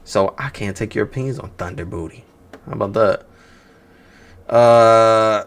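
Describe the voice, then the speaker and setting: A man with a lowish voice speaks slowly and pauses often as he hosts a livestream about movie news, with slight background noise. He chats casually, teases viewers, swears freely and throws out rhetorical banter.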